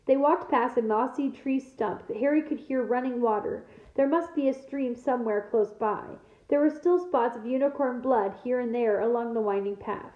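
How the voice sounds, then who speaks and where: A woman teacher reading a novel aloud to her class, in a steady storytelling manner with small slips. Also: a little high, moderate pace, hardly any pauses. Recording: echoey room, tinny phone-like sound.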